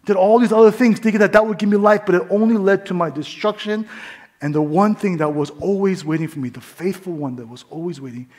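A young man preaching his testimony, swinging between hushed whispers and loud fervent bursts. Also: sits high, quick pace. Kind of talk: testimony sermon.

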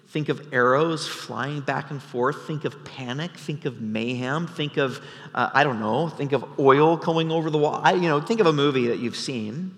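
A man's voice: mid-range voice, a bit bright, big-room sound. A man preaching an expository sermon in a conversational, vivid storytelling way, with many restarts. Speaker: pastor.

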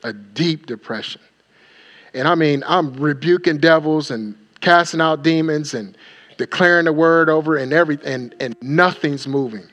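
A man's voice: fairly high pitch, normal speed, a bit bright. A male pastor preaching a sermon, emphatic and repeating his phrases for effect. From Wisconsin.

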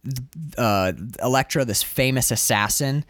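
A man's voice: mid-range voice, normal speed, a bit bright, dry recording, clean studio sound. A man in casual chat as a podcast co-host, rambling with lots of fillers and restarts. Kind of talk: casual chat about comics.

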